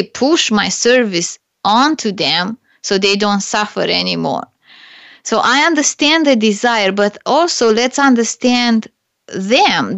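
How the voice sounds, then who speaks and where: A woman's voice: mid-range voice, gravelly, no room sound, highs cut off. A woman hosting a business coaching show, talking earnestly through her own stories, with hesitant restarts. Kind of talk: solo advice talk to camera.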